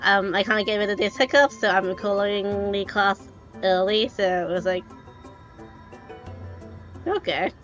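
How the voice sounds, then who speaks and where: A woman's voice: medium pitch, steady tone, moderate pace, fairly bright tone, muffled recording, soft background music. A young woman streaming a game, chatting casually in a rambling, hesitant way with lots of fillers. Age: young adult.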